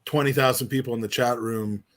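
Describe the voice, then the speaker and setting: A man's voice: medium pitch, steady tone, fairly quick, a bit bright. A middle-aged man co-hosting a podcast, chatting in a rambling, earnest way and restarting his sentences often. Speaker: podcast co-host. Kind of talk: casual chat.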